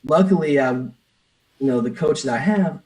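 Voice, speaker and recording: A man's voice: on the high side, normal speed, darkish tone, low-quality recording. A business coach, a man, speaking openly in an interview and telling a personal story with many restarts. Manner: earnest, open, lots of restarts and "man". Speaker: business coach, podcast guest.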